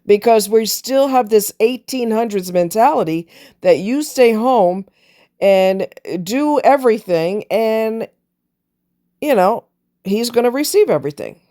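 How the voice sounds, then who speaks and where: Here a relationship commentator with a fairly high, mellow voice takes her time, sounding expressive throughout. Her opinionated monologue on relationships is emphatic and preachy, peppered with casual swearing.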